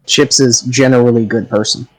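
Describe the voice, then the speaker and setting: A man's voice: mid-range voice, steady tone, normal speed, low-quality recording. A man, the game master, chatting theatrically with his players during a break on a video call. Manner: theatrical, self-described drama kid.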